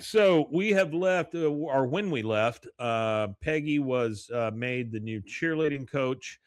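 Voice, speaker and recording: A man's voice: mid-range voice, a bit bright, clean tone, dry recording, studio quality. A man hosting a podcast, casually recapping a cartoon episode with lots of fillers. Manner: rambling, many fillers, reads quotes aloud. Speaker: podcast host.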